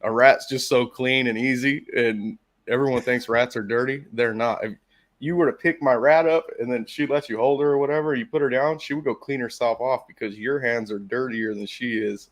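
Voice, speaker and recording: A man in casual podcast chat who tells animated stories, swears freely and mimics his dog in a high voice. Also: a little fast. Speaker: podcast co-host.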